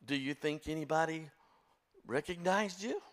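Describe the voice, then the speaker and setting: A man's voice: fairly high pitch, moderate pace, pitched above the performer's own voice, lightly acted. A knowing, teasing wife, as a man puts her on, her lines lifted a bit above his speaking voice. She asks her questions with a dry, all-knowing edge and a lilt.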